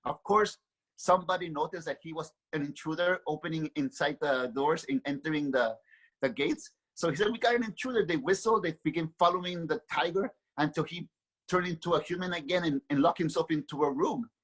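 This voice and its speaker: A man's voice: a little high, brisk, breathy edge, rough recording. A man, an author and guest, telling a spiritual story earnestly and repeating words as he builds his thoughts.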